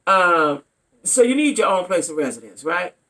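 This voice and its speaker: A middle-aged woman vlogger telling a story to her viewers in a blunt, animated way, often checking in with them. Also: lowish voice, normal speed. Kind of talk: casual storytelling to camera.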